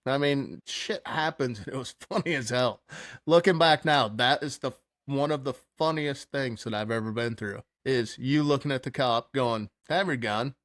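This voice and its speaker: A man telling a wild story in casual chat, animated, laughing and swearing freely. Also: mid-range voice, moderate pace, dry recording. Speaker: podcast co-host.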